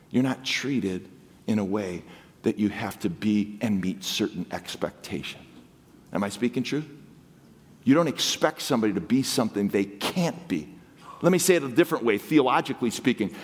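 Man, guest pastor, dynamic sermon, high voice, echoing church hall. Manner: dynamic preaching, swings from loud emphatic to low intimate. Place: church sanctuary. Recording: long hall reverb.

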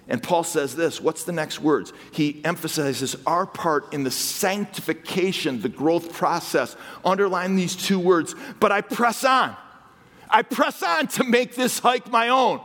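A man preaching a sermon as a guest pastor, shifting between loud, emphatic lines and low, intimate asides. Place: church sanctuary. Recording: long hall reverb.

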